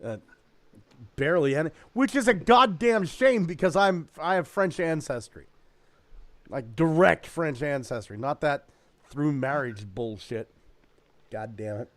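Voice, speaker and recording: A man's voice: on the high side, animated, a little slow, no echo. A man hosting a podcast, talking loosely and joking, swearing freely. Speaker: podcast host. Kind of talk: casual chat.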